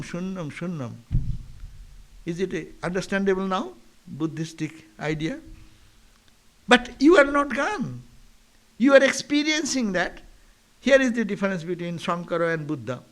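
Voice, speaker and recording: Male monk, high voice, philosophical sermon with chant-like repetition and rhetorical questions. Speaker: monk giving a lecture. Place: monastery lecture.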